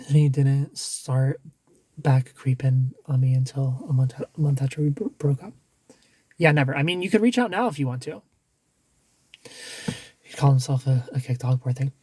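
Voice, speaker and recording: A man's voice: medium pitch, normal speed, pauses often, mellow, slightly rough, no room sound. A man hosting a casual livestream, giving blunt dating advice with lots of restarts and some swearing.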